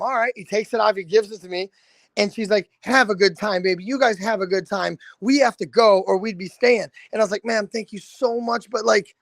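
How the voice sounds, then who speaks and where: High gravelly-voiced man telling a story. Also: dry recording. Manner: animated storyteller, swears freely, acts out quotes. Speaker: guest, lead singer. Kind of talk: casual storytelling.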